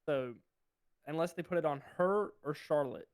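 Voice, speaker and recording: A man's voice: fairly high pitch, normal speed, clear, resonant tone. A man co-hosting a casual wrestling podcast, chatty and easygoing, who talks to the listeners directly. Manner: chatty, self-described tech nerd, talks to the audience. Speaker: podcast co-host. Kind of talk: casual chat.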